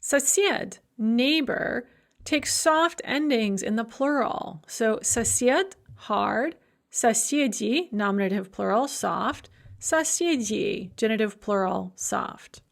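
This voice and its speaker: A woman giving a recorded grammar lecture, explaining slowly and deliberately, with enthusiastic asides. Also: fairly high pitch, animated, gravelly. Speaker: Russian language lecturer.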